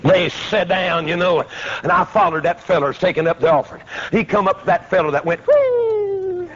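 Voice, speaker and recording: A man, preaching a folksy storytelling sermon that breaks into shouts. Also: a little high, fairly even intonation, a little fast, slight background noise. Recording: dull lo-fi old recording.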